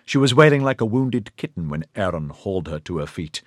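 A man reading a novel aloud as an audiobook narrator in a steady, measured way. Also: low voice, no room sound, clean studio sound. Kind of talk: scripted narration of a sci-fi novel.

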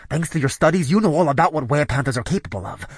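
A grave middle-aged professor of the paranormal, voiced by a man in an audio drama, speaking in a husky, slightly breathy voice. He talks in a measured, insistent way, as if pleading for caution. The recording is dry and close. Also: a little high, animated, dry recording.

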